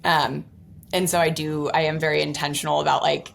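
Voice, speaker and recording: Gravelly low-voiced young woman. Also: little pitch movement, fairly quick, a little hiss or hum. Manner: chatty, lots of "like" and fillers. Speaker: guest, content creator. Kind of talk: casual interview talk.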